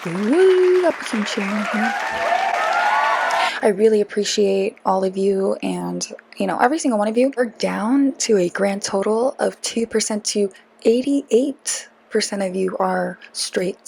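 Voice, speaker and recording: A woman's voice: mid-range voice, vocal fry, a little mellow, slightly rough, poor audio. A young woman hosting a casual tarot vlog, rambling and self-deprecating, with lots of chatty asides. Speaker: tarot reader, channel host.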